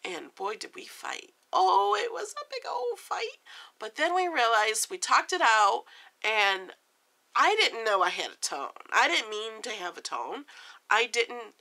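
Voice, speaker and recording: Woman in her forties, vlogger, chatty and earnest, bright voice, fairly high pitch. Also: huge pitch swings, unhurried. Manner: chatty, earnest, gives friendly advice. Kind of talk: casual chat to camera.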